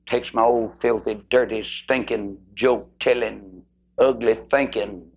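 Gravelly, husky preacher with wide swings. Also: male voice, mid-range voice, muffled recording. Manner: emphatic, swinging from loud declarations to hushed asides. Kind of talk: sermon.

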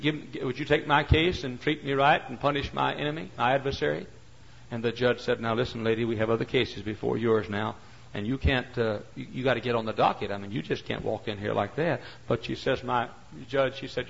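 A man preaching a sermon, telling stories and acting out their characters, his voice rising to shouts. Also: mid-range voice, gravelly. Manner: acts out characters, climbs to shouts. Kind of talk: animated sermon storytelling. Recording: dull lo-fi sermon recording.

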